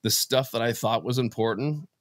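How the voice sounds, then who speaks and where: A man speaks as a guest in a relaxed interview, earnest and openly moved as he tells a personal story. His voice sits at an ordinary middle pitch and he stops and restarts his sentences often. The recording is close and dry, with almost no room sound. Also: no echo. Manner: earnest and emotional, halting restarts. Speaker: podcast guest, business founder.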